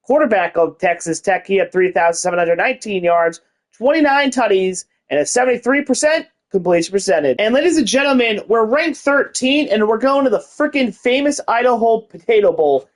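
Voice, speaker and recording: A man's voice: sits high, lively intonation, fairly quick. Man rattling off football game stats. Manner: rattles off stats, hype announcer phrases, swears. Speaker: gaming YouTuber. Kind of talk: casual gameplay commentary.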